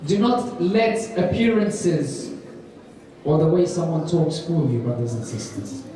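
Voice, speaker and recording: A man preaches in a mosque lecture with a high, mellow voice. He tells stories and keeps asking his listeners rhetorical questions. The sound is from a far-off mic in a very echoey hall. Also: big pitch swings, a little slow, slight background noise.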